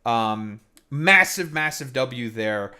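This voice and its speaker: A man's voice: medium pitch, lively intonation, slow pace, sharp tone. A man hosting a live stream, ranting heatedly and mockingly as he reacts to a clip, swearing constantly. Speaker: streamer host.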